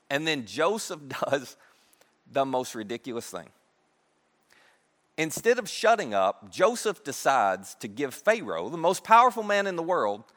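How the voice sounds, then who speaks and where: A man's voice: on the high side, a bit bright. A man preaching a sermon, telling the story in a conversational, humorous way. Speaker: pastor. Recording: echoey hall.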